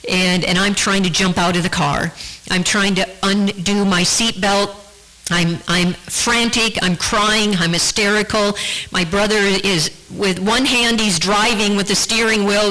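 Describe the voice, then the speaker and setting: A woman giving a personal testimony in church, speaking earnestly and haltingly, often restarting her sentences. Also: medium pitch, bright, forceful tone, low-quality recording. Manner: earnest, halting, with frequent repeated starts. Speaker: guest speaker.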